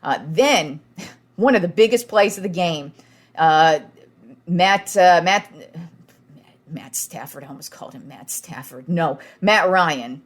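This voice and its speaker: Young woman, sports podcast host, slightly low voice, excitable and foul-mouthed. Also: slow pace, pauses often. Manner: excited, swears freely, acts out players' words. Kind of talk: casual sports talk.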